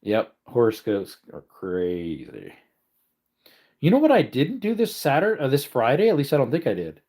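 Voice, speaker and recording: A man's voice: medium pitch, wildly swooping pitch, moderate pace, warm tone, husky. A man vlogging from his home kitchen in a rambling casual chat, wandering between topics and talking to his dogs.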